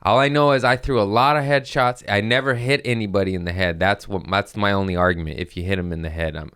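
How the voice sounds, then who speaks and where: Low smooth guy, podcast host, rambling profane stories, dry close mic. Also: steady tone, quick pace, a bit bright, dry recording. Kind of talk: casual podcast chat.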